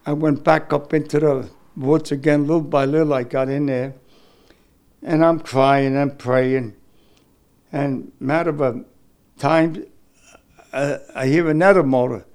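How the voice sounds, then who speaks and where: An older man, giving a halting, emotional oral history of his war experience. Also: a little high, fairly even intonation, darkish tone. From New York City. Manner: halting, repeats words, emotional.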